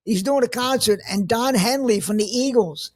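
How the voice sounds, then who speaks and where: Podcast co-host, male, very high speaking voice, chatty storyteller. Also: normal speed, no room sound, clean studio sound. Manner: animated anecdote-telling. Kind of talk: casual comedic chat.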